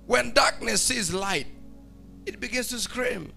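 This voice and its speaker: A man preaching a fervent church sermon, swinging between shouted, sing-song lines and hushed, quiet ones. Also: sits high, animated, moderate pace, creaky, faint music behind. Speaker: pastor. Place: church service.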